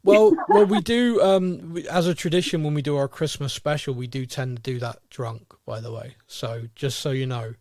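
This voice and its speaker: A man's voice: medium pitch, steady tone, normal speed, hardly any pauses, a little mellow, no room sound, clean studio sound. A man co-hosting a podcast in casual chat, often stumbling and restarting his words. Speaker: podcast co-host.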